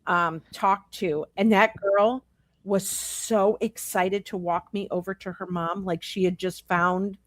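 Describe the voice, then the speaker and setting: Convidada de podcast, mulher, narra de forma sincera e animada; som seco e próximo. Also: female voice, mid-range voice, steady tone, slow pace, no echo. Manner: earnest storyteller acting out quoted dialogue. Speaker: podcast guest. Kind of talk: live podcast Q&A, storytelling.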